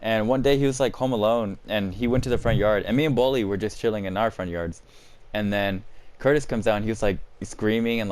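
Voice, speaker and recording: A man's voice: lowish voice, darkish tone, clean tone. A young man hosting a podcast, telling stories in casual chat and acting out his friends' lines. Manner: laughing storyteller, acts out friends' lines. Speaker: podcast host.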